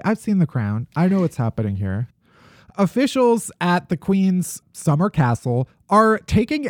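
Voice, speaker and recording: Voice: medium pitch, darkish tone, dry recording, clean studio sound. A podcast host with a Midwestern American accent, talking in a sarcastic, ranting way about odd news. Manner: sarcastic, ranting, lots of restarts. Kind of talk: casual comedic news chat.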